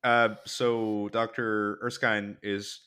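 A man's voice: on the low side, level tone, slow pace, sharp tone, clear, resonant tone. A man co-hosting a podcast, chatting playfully about a movie, sharing trivia and laughing often. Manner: giggly, playful, drops trivia. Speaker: podcast co-host. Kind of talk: casual movie-review chat.

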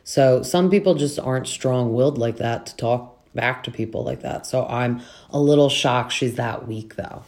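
A talkative podcast host recapping reality TV in loose, casual chat. The voice sits at an ordinary middle pitch. The host sounds frank and opinionated and leans on filler words throughout. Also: moderate pace, a little mellow. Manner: chatty and opinionated, with many "like" fillers.

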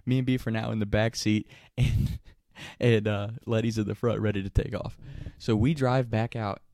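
A man's voice: fairly low pitch, moderate pace, no room sound, studio quality. Young man telling a wild story. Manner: animated, laughing, profane. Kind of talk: casual anecdote.

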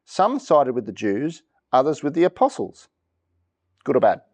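Lively man preaching interactively. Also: mid-range voice, normal speed. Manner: lively, asks congregation for reactions. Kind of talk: interactive sermon. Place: church.

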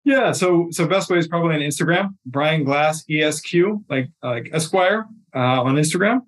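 A man's voice: fairly high pitch, moderate pace. A man speaking as a podcast guest, talking casually with frequent restarts and fillers. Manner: hesitant, many restarts.

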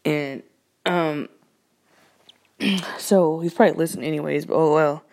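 A woman telling a casual storytime about a run-in with her neighbor, indignant and animated, full of slang and swearing, from her home. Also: low-pitched, a little slow, vocal fry. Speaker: storyteller recounting a neighbor dispute.

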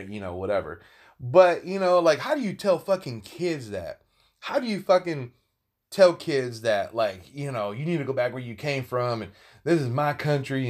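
Male podcast host, mid-pitched, loose and profane, rambling opinions, casual solo talk.

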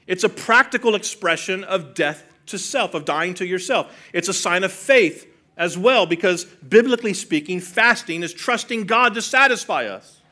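Man, pastor, sermon, bright ringing tone, fairly high voice, hushed then emphatic, earnest. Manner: swings from soft and hushed to loud and emphatic; earnest preaching with rhetorical questions.

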